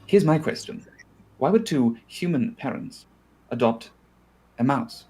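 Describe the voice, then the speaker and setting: A man's voice: medium pitch, expressive, measured pace, a little mellow, slightly rough. A man playing a tabletop game, chatting casually and earnestly explaining rules. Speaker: player.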